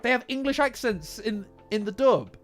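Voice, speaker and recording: A man hosts a casual chat about an anime episode, his voice swinging up and down with lively energy. He gets excitable, laughs a lot and stumbles over repeated words. Faint background music plays under his talk. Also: extremely high pitch, moderate pace. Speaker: anime reaction host.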